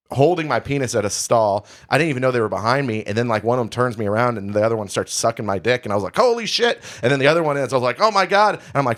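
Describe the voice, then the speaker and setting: A young man co-hosting a comedy podcast, telling a long personal story in a candid, rambling way full of restarts. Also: medium pitch. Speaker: podcast co-host. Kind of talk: casual storytelling chat.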